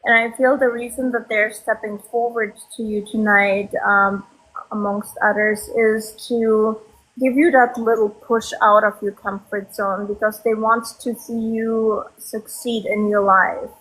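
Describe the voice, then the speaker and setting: A woman psychic medium giving a live reading to a sitter, speaking softly and reassuringly with frequent ums. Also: on the high side, flat delivery, measured pace, poor audio.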